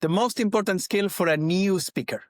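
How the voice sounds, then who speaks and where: A man's voice: sits high, moderate pace, no echo, clean studio sound. A man who is not a native English speaker, hosting a podcast and asking questions in a playful way. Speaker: podcast host.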